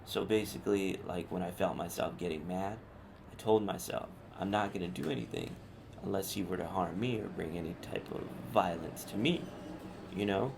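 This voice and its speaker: A man with a low, gravelly voice tells a story on his podcast, loose and profane, full of street slang. Faint noise sits under the recording. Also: moderate pace. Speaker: podcast host. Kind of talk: casual storytelling monologue.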